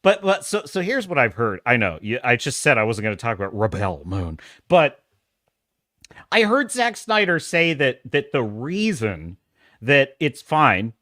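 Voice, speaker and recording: A man's voice: mid-range voice, very animated, normal speed, fairly bright tone, no room sound, studio quality. A man chatting casually on a live stream, telling stories with sarcasm, frequent laughs and restarts, and sharing strong opinions.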